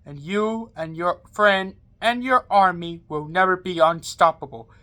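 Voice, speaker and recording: A woman's voice: on the low side, measured pace, pushed and bright. A woman voicing a proud male sultan in an amateur read-aloud story, speaking firmly. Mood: defiant.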